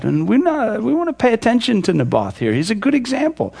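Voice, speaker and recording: Gravelly, lively man teaching from the Bible. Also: very high-pitched, a little fast. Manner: casual, with frequent fillers and restarts. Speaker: pastor.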